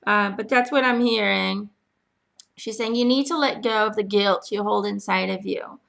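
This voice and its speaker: A woman gives a spiritual reading in a soft, unhurried voice, stopping often to listen before she goes on. Her voice is very gravelly, with heavy vocal fry, at a middle pitch. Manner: gentle, halting, many ums, pauses to listen. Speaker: spiritual medium answering follower questions. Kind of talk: channeling reading, casual spoken.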